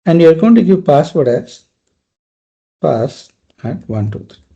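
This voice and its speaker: A man's voice: a little high, big pitch swings, measured pace, vocal fry, mellow, muffled recording. A male trainer giving a live technical lecture, explaining step by step and often checking in with "right?".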